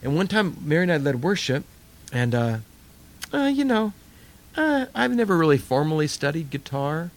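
Animated older man preaching a sermon. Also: a little high, normal speed. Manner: animated storytelling, acting out voices. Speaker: pastor.

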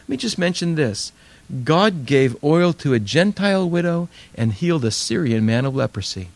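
A man preaching a sermon, retelling Bible stories with lively voices for the characters and frequent laughs. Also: a little high, moderate pace, dry recording. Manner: animated storytelling, acting out biblical characters with laughs.

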